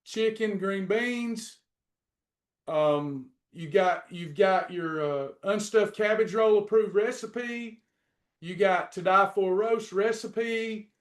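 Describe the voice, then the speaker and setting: A man's voice: high-pitched, takes it slowly. A middle-aged man teaching a faith-based weight-loss lesson, preachy and repetitive as he encourages his class. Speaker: weight-loss program coach.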